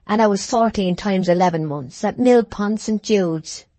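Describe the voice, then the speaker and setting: A woman reading the part of an aged, testy village maltster in an audiobook, with slow, drawn-out rustic speech. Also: medium pitch, mellow, no echo, lightly acted. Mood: ponderous.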